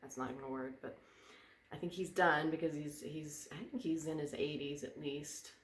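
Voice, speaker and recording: A woman's voice: sits low, fairly even intonation, moderate pace, roomy sound, a little hiss or hum. A woman vlogger chatting casually, rambling and drifting onto tangents. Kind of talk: casual chat. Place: indoor room by a fireplace.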